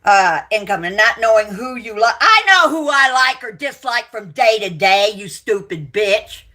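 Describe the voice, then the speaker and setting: A woman's voice: mid-range voice, animated, normal speed, sharp tone. A middle-aged woman, hosting a livestream and delivering an angry, profane rant full of insults. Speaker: livestream host.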